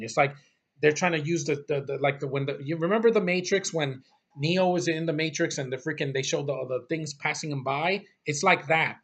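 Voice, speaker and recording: A man with a somewhat high voice delivers a casual, exasperated rant. He is blunt and profane, and he rambles, restarting his sentences as he talks. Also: breathy edge. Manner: exasperated, blunt, repeats "freaking" and swears. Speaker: movie reviewer.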